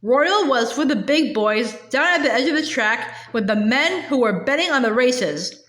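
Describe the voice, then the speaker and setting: In a high, animated voice, a woman reads a children's novel aloud. She's hesitant, often stalling on drawn-out filler sounds and restarting words, and the recording sounds roomy and echoey.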